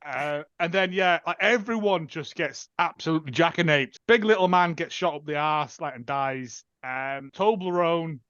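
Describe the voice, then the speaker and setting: A man talks through a film plot in a loose, rambling way, piling up fillers and restarts. His voice sits a little high. The sound is dry and slightly dull, like a lo-fi podcast mic. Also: normal speed, few pauses, fairly bright tone, smooth, no echo. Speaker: podcast co-host. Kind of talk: casual film review chat.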